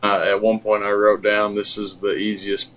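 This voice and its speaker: Man, casual podcast chat, dry laid-back replies, lowish voice, faint background noise. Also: completely flat delivery, normal speed, fairly bright tone, low-quality recording. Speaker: podcast co-host.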